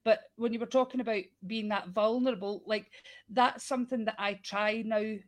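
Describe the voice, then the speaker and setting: A woman's voice: a little high, steady tone, normal speed. A woman on a podcast talking candidly about her own life, leaning a lot on casual fillers. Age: adult with an eight-year-old daughter. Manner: candid, personal, heavy use of fillers like "like" and "you know". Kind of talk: casual conversation.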